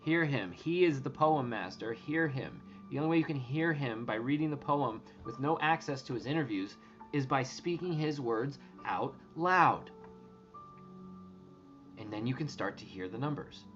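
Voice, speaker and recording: A man talking casually to his viewers, rambling and excitable, swearing and restarting his sentences often. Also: medium pitch, moderate pace, dull audio, faint music behind. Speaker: treasure hunt vlogger.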